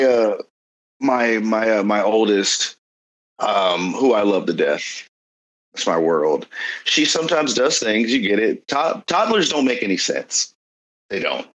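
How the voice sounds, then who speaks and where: A man's voice: medium pitch, fairly bright tone, rough recording. A young man hosting a podcast, talking earnestly in casual conversation and repeating phrases for emphasis. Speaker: podcast host.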